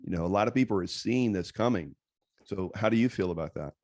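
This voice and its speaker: A man hosting a casual talk, asking his guest relaxed, encouraging questions. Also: fairly low pitch, fast, dry recording. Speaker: host. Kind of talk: casual chat.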